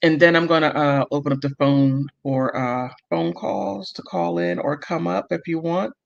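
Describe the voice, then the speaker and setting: A man hosting a livestream speaks at a moderate pace with a slightly high voice, fairly even intonation, and vocal fry. He reads the chat aloud and riles himself up, heatedly interrupting himself with apologies and corrections, on dull lo-fi audio.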